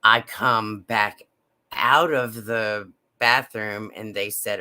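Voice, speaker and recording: A woman telling a personal story in a slow, halting, emotional way. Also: a bass voice, steady tone, bright, forceful tone. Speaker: vlogger.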